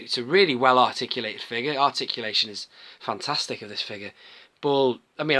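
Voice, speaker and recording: Male collector vlogger, casual show-and-tell, crisp bright tone, enthusiastic and digressive. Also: medium pitch. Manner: rambling, enthusiastic, restarts often.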